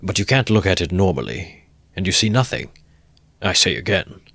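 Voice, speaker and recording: Brief: man reading as a needling investigator, deep voice, dry close sound, teasing and ironical. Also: big pitch swings, normal speed, fairly bright tone, no echo, full character voice. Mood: sly. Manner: teasing, good-humoured, needling questions. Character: sly, ironical middle-aged male investigator.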